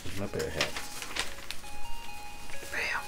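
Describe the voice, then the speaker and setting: A man's voice: slow pace, music in the background. A man co-hosting, trading laid-back jokes while opening mail. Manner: laid-back joking banter. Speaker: channel co-host. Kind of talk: casual banter.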